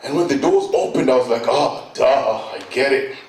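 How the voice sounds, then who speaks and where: A middle-aged Kenyan man doing stand-up storytelling, animated, acting out voices and bursting into shouts. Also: mid-range voice, normal speed, far from the mic. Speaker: stand-up comedian. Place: event hall on stage. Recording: echoey hall, mic from afar, noisy.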